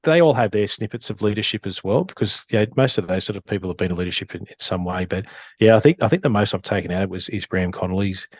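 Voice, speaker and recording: A middle-aged Australian man with a low, deep voice talks loosely and at length, calling his host "mate" as he goes. The sound is dry and close, but the audio is dull and muffled. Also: fast talker, no echo. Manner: rambling, says "mate" often. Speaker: guest, former police officer and firefighter. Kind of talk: casual interview chat.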